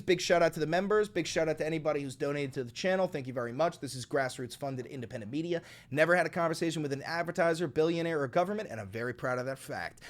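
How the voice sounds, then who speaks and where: Animated, profane male political streamer. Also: on the high side. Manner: animated, profane, reads news aloud then riffs. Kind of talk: live-stream political commentary.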